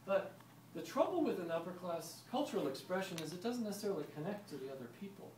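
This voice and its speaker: A man's voice: high-pitched, sing-song, fast, a little mellow. A man giving a live talk and demonstration to a group of visitors, explaining in a chatty way and quizzing the audience. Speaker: historical music presenter. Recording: roomy, distant mic, ambient noise.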